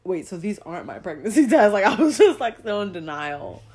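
A woman tells a story on a casual podcast, her voice at an average pitch. She swears, laughs and acts out what everyone said. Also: a little fast. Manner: animated storytelling, swearing, laughing, acting out quotes. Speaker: podcast co-host.

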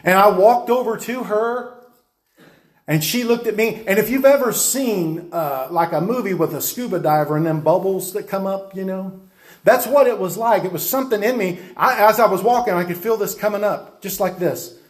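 Male preacher, dramatic testimony, emphatic, slightly high voice, echoey room. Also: normal speed. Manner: emphatic, insistent, acts out scenes. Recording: roomy echo.

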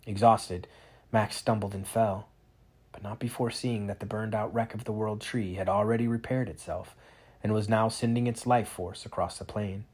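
A man narrating a fantasy storybook aloud in a dramatic, expressive reading. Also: lowish voice, moderate pace, husky.

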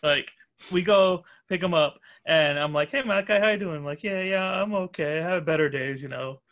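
A man's voice: fairly high pitch, normal speed, a bit bright. A young man on a podcast, telling a crude, teasing story in casual chat and laughing often. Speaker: podcast co-host.

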